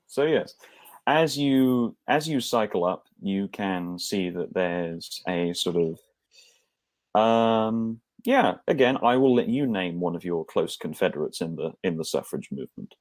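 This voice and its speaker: A man's voice: deep voice, lively intonation, unhurried, dry recording, clean studio sound. A man running a tabletop role-playing game, narrating in a rambling, hesitant way with wry asides. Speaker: game master.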